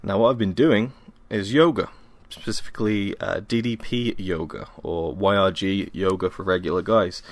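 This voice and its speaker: A man's voice: low voice, fairly even intonation, normal speed, hardly any pauses, no room sound. A young man from Wales, hosting a casual solo podcast at home, rambling and self-deprecating with many ums, tired after a workout. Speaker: podcast host.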